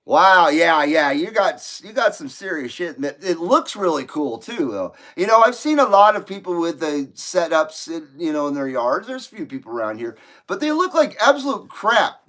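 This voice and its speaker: A man's voice: high voice, animated, normal speed, hardly any pauses, fairly bright tone. A man from California hosting a live stream, reading viewer comments in a casual, joking, profane and rambling way. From Ventura County, California. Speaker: livestream host.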